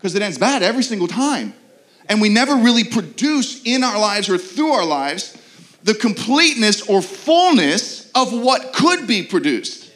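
A man delivering a sermon in a fairly high voice. He preaches earnestly, tossing out rhetorical questions and stumbling through quick repeated restarts as he builds his point. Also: very animated, fairly bright tone. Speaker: pastor.

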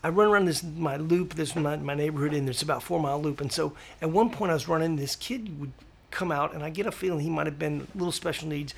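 A man talks as a guest on a podcast, his voice a bit gravelly with a faint hiss of noise behind him. He tells stories in a lively, animated way, restarting sentences and slipping into the voices of people he quotes. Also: on the high side, quick pace. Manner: animated storyteller, lots of restarts and acted-out quotes. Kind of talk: casual interview chat.

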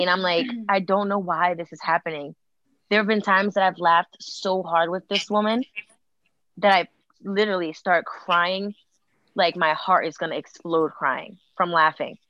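A woman in her late twenties with a slightly low voice talks candidly in a group conversation. She tells personal stories with animated, acted-out quotes. The sound is dry and a little muffled. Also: no room sound. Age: late 20s.

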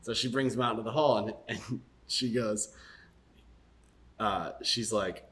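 A man's voice: fairly low pitch, measured pace, long pauses, a bit bright. A young man co-hosting a casual podcast, talking in a laid-back way with lots of fillers and chuckles as he tells a joke. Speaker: podcast co-host.

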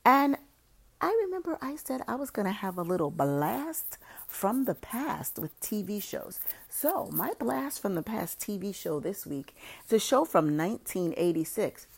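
A woman's voice: mid-range voice, big pitch swings, a little slow, creaky, slightly rough. A woman hosting a podcast, giving chatty, opinionated reality-TV commentary with playful asides. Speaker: podcast host.

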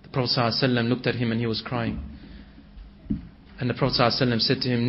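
A man's voice: medium pitch, flat delivery, very fast, long pauses, a little hiss or hum. A man telling a religious story in a dramatic, emotive way, on a dull recording.

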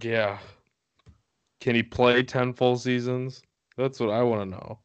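A man's voice: mid-range voice, fairly even intonation, measured pace, clear, resonant tone, lo-fi sound. A man co-hosting a podcast, chatting casually, rambling through stats and laughing often. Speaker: podcast co-host. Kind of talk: casual chat.

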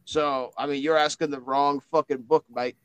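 A man's voice: fairly high pitch, fairly even intonation, moderate pace, clean tone, dry recording, close to an everyday voice, rough recording. A man voicing a male spirit trapped in a talking book, stammering and calling everyone mate. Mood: exasperated.

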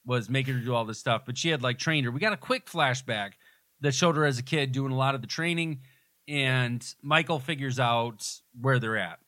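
A podcast co-host talks through a movie's plot in a relaxed discussion, retelling each scene in detail and laughing often. His voice is bright and forward, with medium pitch and a moderate pace. The recording is close and dry, with no room sound.

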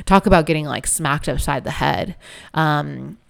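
A woman with a low voice and a gravelly fry runs through a solo podcast episode in a loose, confessional way. She swears freely and leans on fillers as she talks. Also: measured pace. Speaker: podcast host, business coach. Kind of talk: casual solo podcast monologue.

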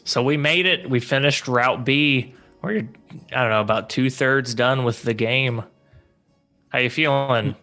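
A man's voice: mid-range voice, measured pace, sharp tone, faint music behind. A man co-hosting a video game podcast, chatting casually with lots of restarts. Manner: rambling, with many restarts and fillers. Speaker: podcast co-host. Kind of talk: casual chat about video games.

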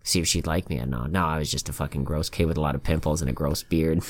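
A young man co-hosting a podcast in casual chat, joking and swearing with loud bursts of laughter. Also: extremely low pitch, steady tone, fast talker, dry recording. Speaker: podcast co-host.

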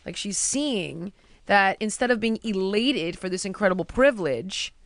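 A woman in casual chat, telling stories in an animated way and acting out what people said. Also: medium pitch, normal speed, no echo. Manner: animated storytelling, acting out quotes.

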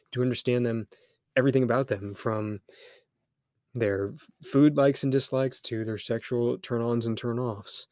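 A young man talks through his own podcast in a candid, loose way, restarting his thoughts as he goes. He sounds a little embarrassed but keeps encouraging his listeners. His voice sits at an ordinary male pitch and is recorded close and dry. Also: a little mellow, dry recording. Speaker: podcast host. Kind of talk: casual solo podcast monologue.

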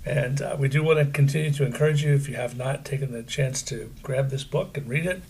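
A middle-aged man with a husky, slightly breathy voice chats casually as a podcast co-host. His talk is joking and self-deprecating. He is from central Pennsylvania. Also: mid-range voice, fairly quick, a little mellow.

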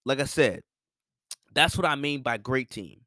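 A man's voice: mid-range voice, unhurried, sharp tone, dry recording, clean studio sound. A young man giving a casual, rambling sports opinion monologue, repeating himself for emphasis. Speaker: sports commentator.

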